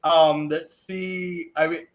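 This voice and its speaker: A man's voice: fairly high pitch, flat delivery, slow pace, roomy sound. A man hosting a podcast, upbeat and playful as he talks with his co-host and guest. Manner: upbeat, playful, hyping the show. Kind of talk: casual chat.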